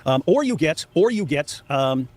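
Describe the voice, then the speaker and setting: A man giving casual commentary, sarcastic, sometimes mocking others in exaggerated high-pitched quotes. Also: very animated, moderate pace, a little mellow.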